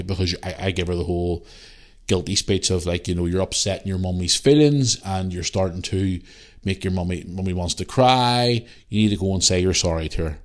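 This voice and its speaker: Low-voiced man ranting on a podcast. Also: fairly quick. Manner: animated ranting storyteller, swears freely. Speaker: podcast host. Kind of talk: casual podcast monologue.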